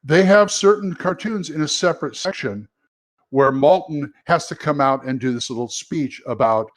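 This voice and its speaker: A man's voice: a little high, normal speed. A man who is a guest on a podcast, talking in a chatty, anecdotal way and trailing off. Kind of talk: casual podcast chat.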